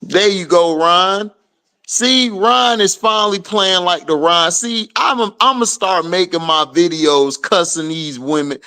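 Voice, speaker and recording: Male streamer, unhurried delivery, casual trash-talking game commentary with frequent laughs. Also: sits high, clear, resonant tone. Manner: slangy, laughing, animated trash talk. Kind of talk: casual live watch-along commentary.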